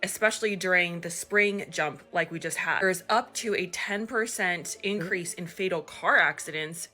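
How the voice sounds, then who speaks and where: Bright-voiced woman with an ominous delivery. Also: on the low side, normal speed, faint music behind. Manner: dramatic, ominous questioning. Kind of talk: earnest monologue to camera.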